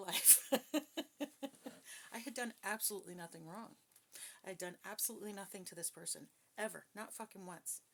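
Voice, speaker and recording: A woman's voice: lowish voice, gravelly, a little hiss or hum. A woman who is a psychic reader, talking casually and bluntly to her viewers, with plenty of swearing and emphasis. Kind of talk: casual personal talk to viewers.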